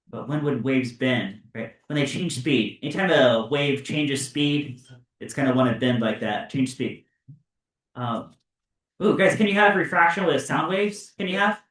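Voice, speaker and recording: A man's voice: medium pitch, unhurried, a bit bright. Laid-back physics teacher guy, lots of um and right?, far from the mic in an echoey classroom. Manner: casual, lots of fillers and "right?" check-ins. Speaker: high school physics teacher.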